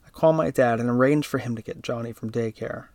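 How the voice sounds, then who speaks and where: A man reading a first-person story aloud in a steady, even narrating voice. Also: medium pitch, a little fast, dry recording.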